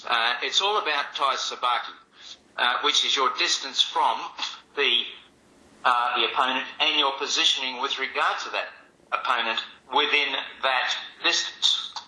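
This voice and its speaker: An older man who teaches martial arts, explaining things in a measured, teacherly way. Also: medium pitch, pushed and bright, reverberant, low-quality recording. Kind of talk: casual chat.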